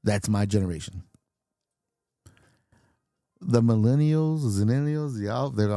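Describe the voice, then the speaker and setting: A middle-aged man rants bluntly through his podcast monologue, cursing constantly and chuckling at his own lines. His voice is warm and mellow. The sound is dry, with no room echo. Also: mid-range voice, a little slow, long pauses. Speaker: podcast host. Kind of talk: profane ranting monologue.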